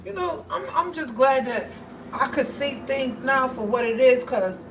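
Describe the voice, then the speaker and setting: A woman's voice: sits high, unhurried, recorded from a distance. A woman hosting a casual livestream, telling stories emphatically and speaking straight to her viewers over a phone. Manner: emphatic storytelling, addresses viewers directly. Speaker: livestream host. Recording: voice a bit off mic, faint background noise.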